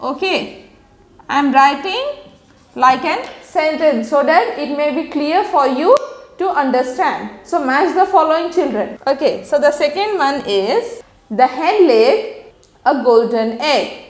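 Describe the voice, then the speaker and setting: A woman teacher, reading a children's story aloud in an online class, retelling each line simply and quizzing the children. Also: sits high. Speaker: school teacher.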